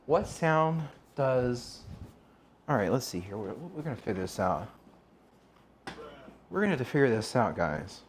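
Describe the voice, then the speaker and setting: A man live-streams from his kitchen, rambling and chatting as he cooks and asking viewers questions. His medium-pitched voice is very animated but unhurried, pausing often, with a little hiss or hum.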